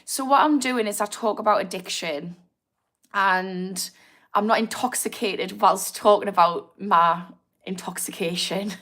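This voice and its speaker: A woman's voice: mid-range voice, unhurried, a bit bright. A woman from the north of England with a broad Geordie accent, talking straight to her viewers in a casual livestream. She is chatty and encouraging, laughs easily, swears now and then, and keeps the talk loose and friendly. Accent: Newcastle (Geordie). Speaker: addiction therapist hosting a livestream. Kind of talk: casual livestream chat, reading out viewer comments.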